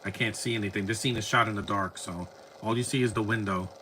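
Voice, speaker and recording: A man's voice: fairly low pitch, steady tone, quick pace, bright, forceful tone, slight background noise. A man giving casual, rambling live commentary while watching a movie. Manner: rambling, chatty, frequent restarts.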